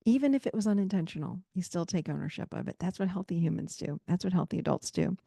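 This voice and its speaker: A woman's voice: lowish voice, quick pace, gravelly, mellow, no room sound, clean studio sound. A woman hosting a podcast, giving relationship advice in a direct, emphatic, conversational way. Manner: emphatic, direct, conversational, addresses listeners as "you guys". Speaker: podcast host and relationship coach. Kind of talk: solo podcast advice talk.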